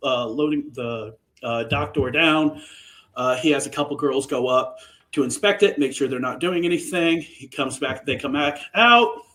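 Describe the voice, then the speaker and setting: Podcast guy recapping a book, swears a lot, kinda high voice, fired up. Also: rough recording. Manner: animated, profane, full of restarts. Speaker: podcast host. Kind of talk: casual chat recapping a book.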